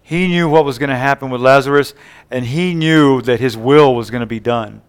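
A male preacher with a smooth, clear voice delivers a sermon at a middle pitch. He retells scripture scenes, acting out the quoted lines and tossing call-and-response checks to his listeners. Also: moderate pace.

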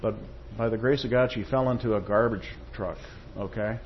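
A man's voice: on the low side, fairly even intonation, normal speed, dull audio, slight background noise. A man preaching a sermon, reading quotations with rising force and checking in with the congregation. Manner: tag questions to the congregation.

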